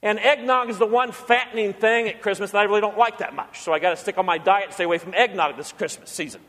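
A man with a high voice preaches an earnest sermon to his church. He slips into the voices of the people he quotes to make his point. His voice rings out with the long reverb of a large hall. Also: fast, fairly bright tone. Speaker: pastor.

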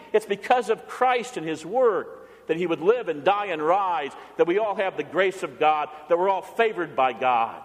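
A man preaching a sermon as pastor, animated, asking his congregation questions and getting them to answer. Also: high-pitched, in a large hall. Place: church sanctuary.

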